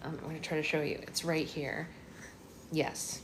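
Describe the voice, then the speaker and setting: A chatty woman with a fairly low voice, hosting a live online book club while getting over a cold. She talks casually and answers viewer comments. A faint hum of room noise sits behind her. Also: fairly even intonation, moderate pace. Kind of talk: casual livestream chat.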